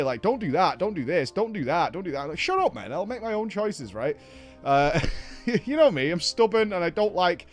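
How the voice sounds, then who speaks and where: Male host, casual game recap, very lively pitch, acts out quotes, faint music bed. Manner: animated storyteller who acts out quoted lines.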